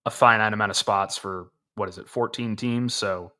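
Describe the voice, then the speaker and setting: A man playing a sports talk co-host with a lowish, bright, forceful voice. He gives firm opinions in a casual way and often restarts his sentences. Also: fairly even intonation, moderate pace.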